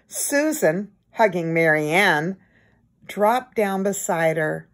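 A woman gently reading a children's book aloud in an expressive bedtime manner. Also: medium pitch, takes it slowly. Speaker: storybook reader.

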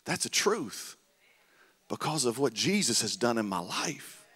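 Pastor preaching in a reverberant hall. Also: male voice, medium pitch, a little slow, husky. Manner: animated storytelling, swinging from loud to hushed. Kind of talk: sermon. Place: church sanctuary.

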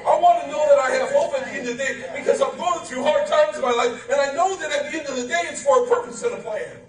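High-voiced man preaching fervently. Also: quick pace. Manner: fervent, emphatic preaching with rhetorical questions and humorous asides. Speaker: pastor. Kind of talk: sermon. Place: church sanctuary, indoors. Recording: echoey church from far off, faint room noise.

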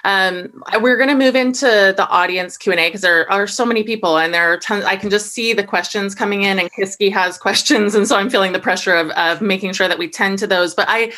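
A woman's voice: mid-range voice, a little fast, hardly any pauses, pushed and bright. A woman hosting a book festival interview, asking questions in an affirming, hesitant way. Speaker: interviewer host. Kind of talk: conversational interview.

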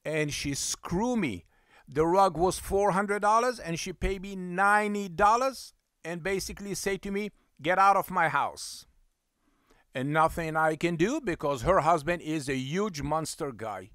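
Middle-aged man, animated storyteller, high and lively pitch. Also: moderate pace, clear, resonant tone, no echo, clean studio sound. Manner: animated, acts out both sides of the dialogue. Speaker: rug cleaning business owner. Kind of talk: storytelling monologue.

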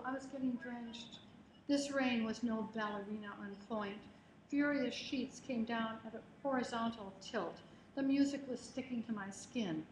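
A woman author giving a public reading of her memoir, in a measured, expressive voice that lingers on phrases. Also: on the high side. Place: lecture hall at a reading event. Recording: roomy hall, faint noise, livestream.

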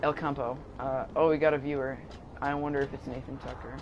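A man's voice: medium pitch, little pitch movement, fairly quick, muffled recording. A young man rambling and joking as he comments on his gameplay. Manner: rambling, joking, self-mocking. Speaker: game streamer. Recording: game audio noise behind.

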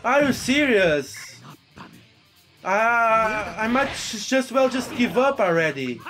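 A man doing let's play commentary, frustrated and swearing often, with loud outbursts. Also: very high voice, big pitch swings, slow. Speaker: gaming video creator. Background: game music.

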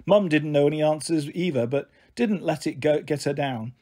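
Man, storyteller, children's book reading, expressive, slightly husky, fairly high. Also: normal speed. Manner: expressive, animated reading with voiced characters.

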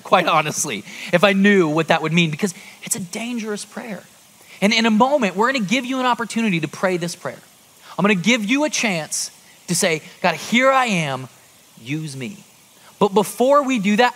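30s guy preaching in a church, chatty sermon, high voice that jumps around a lot. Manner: lively, conversational preaching with rhetorical asides. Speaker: pastor. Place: church auditorium before a congregation.

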